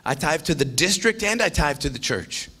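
Husky and a little high, this pastor preaches at normal speed with excited animation, shifting from loud outbursts to quiet confession and frequently starting his phrases over.

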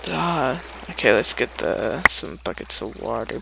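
A man's voice: medium pitch, very animated, a little slow, gravelly, heavy background noise. A young man giving a casual, rambling gameplay tutorial, playful and chatty, humming little sound effects as he builds.

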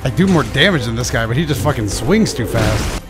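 A young man giving casual, profane let's play commentary, excitable and trash-talking as he plays. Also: mid-range voice, a little fast, loud music behind the voice. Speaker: gaming channel host.

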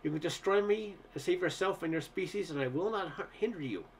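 A man's voice: sits high, brisk, breathy edge. A man voicing an anguished male alien who speaks in stiff, formal sentences, pleading to be destroyed. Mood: desperate pleading. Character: anguished towering alien with terrible eyes, male.

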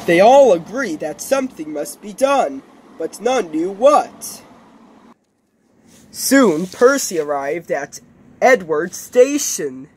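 A narrator reading a children's railway story in a measured, expressive way. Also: medium pitch, a little hiss or hum.

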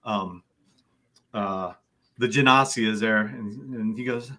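A man narrating a tabletop game as game master, describing scenes lively. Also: fairly low pitch, slow pace, long pauses. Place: home setup, online session.

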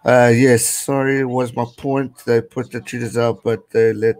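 A man's voice: medium pitch, little pitch movement, measured pace, few pauses, darkish tone, rough recording. Chatty South African man streaming rugby. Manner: chatty, mixes English with Afrikaans phrases. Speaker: live stream host giving rugby commentary. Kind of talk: casual live-stream commentary, reading viewer chat.

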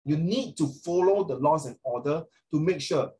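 A fairly high-pitched middle-aged man teaches social studies in a Singaporean English accent at a moderate pace. His delivery is lively, joking and sarcastic, with Mandarin phrases mixed in, and the audio quality is poor.

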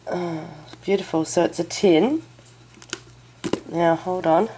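Slow-talking gushing woman vlogger. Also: on the low side, husky. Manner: gushing and excitable, breaks into delighted exclamations. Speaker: craft vlogger. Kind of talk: casual unboxing chat to camera. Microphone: camera mic a short way off.

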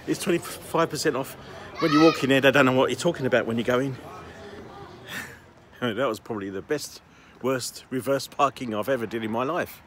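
A man chats casually in a walking vlog through city streets, rambling through stories with many restarts and laughs. His voice sits at medium pitch and moderate pace, with crowd noise around him.

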